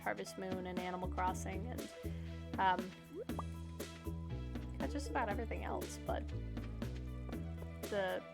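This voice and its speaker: A woman's voice: mid-range voice, fairly even intonation, a little slow, gravelly, long pauses. A woman streamer giving casual, rambling gameplay commentary, often correcting herself as she talks. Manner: chatty, rambling, self-correcting. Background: game music.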